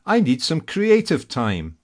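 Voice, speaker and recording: A man's voice: a little high, wildly swooping pitch, takes it slowly, voice pushed up, exaggerated voice. A man voicing a sleek, vain male black tomcat who talks in a pompous, peevish way, read in a storybook. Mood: haughty, peevish.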